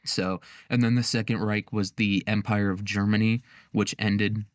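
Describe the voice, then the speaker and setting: A young man with a fairly low voice rambles through a history podcast, crude and joking, laughing often. His voice is recorded close and dry, with no room sound. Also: flat delivery, unhurried, no echo. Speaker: podcast host. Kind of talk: casual comedic history monologue.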